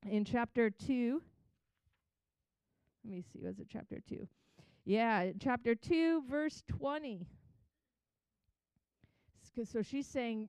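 A woman's voice: fairly high pitch, takes it slowly, pauses often, darkish tone, clear, resonant tone, no room sound. A woman giving a chatty, conversational Bible teaching, retelling scripture in her own words.

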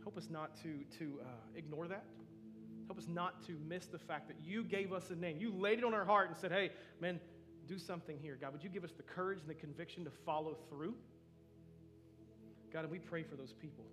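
A man's voice: on the high side, fairly quick, music in the background. A man in his thirties preaching a sermon as pastor, earnest and storytelling, often saying "man".

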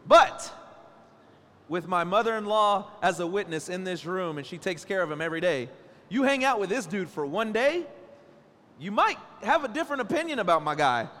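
A man's voice: high voice, a little fast. A man in his thirties preaching a sermon in church, joking and telling stories about his family. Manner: playful, joking, animated storytelling. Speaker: pastor. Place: church stage. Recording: church hall reverb.

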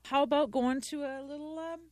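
A woman's voice: high-pitched, steady tone, fairly quick, no echo. A woman co-hosting a talk show in a casual chat, giggly, rambling and playfully pushy. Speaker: podcast co-host.

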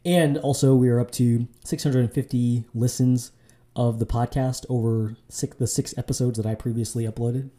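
A man's voice: mid-range voice, fairly even intonation, normal speed, warm tone. A man hosting his own podcast, talking solo in a casual, loose way, with fillers and restarts. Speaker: podcast host.

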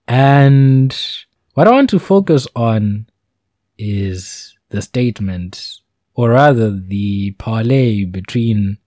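A man talking in a relaxed, rambling way with plenty of asides. His pitch moves a lot while his pace stays slow, and the sound is close and dry. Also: dry recording. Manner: meandering and informal, with fillers and asides. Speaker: solo talker. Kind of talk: casual spoken monologue.

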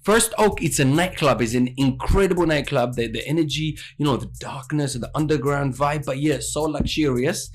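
A man's voice: a little high, normal speed, few pauses, a little hiss or hum. A man hosting a casual radio segment in a studio, chatty and playful, rambling at times. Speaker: radio host.

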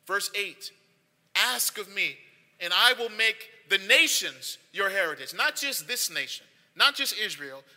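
A man's voice: high voice, expressive, measured pace, bright, forceful tone. A man preaching a sermon as pastor, talking in a conversational way that rises into emphatic, repeated lines. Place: church sanctuary. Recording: long hall reverb.

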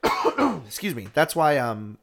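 A man's voice: medium pitch, sing-song, a little slow, creaky, a bit bright. Guy on a podcast just rambling along, lots of um and uh, normal mid voice. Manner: rambling, filler-heavy, restarts often. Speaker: podcast co-host. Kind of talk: casual chat.

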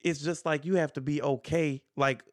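A man who is a podcast guest, calmly offering reflective advice in casual conversation. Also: a little high, normal speed, dry recording, studio quality. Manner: calm, advice-giving, reflective.

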